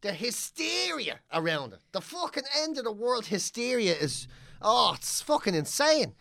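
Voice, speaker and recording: Profane ranting woman, high voice. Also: very animated, moderate pace, gravelly, a bit bright, no room sound, studio quality. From Ireland. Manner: ranting, profane, mocks others in whiny voices. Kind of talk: casual chat.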